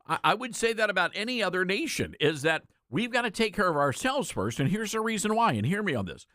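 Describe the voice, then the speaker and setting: A man's voice: high voice, very animated, fairly quick, bright, forceful tone, dry recording, studio quality. A male talk show host giving a political commentary monologue, emphatic and conversational, repeating words for stress and speaking directly to his listeners.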